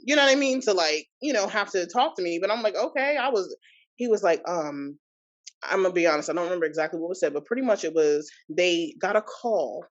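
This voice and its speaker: A woman's voice: lowish voice, muffled recording. Woman in her thirties telling her story. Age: 30s. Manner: animated, indignant retelling with many asides. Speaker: podcast guest. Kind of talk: personal storytelling.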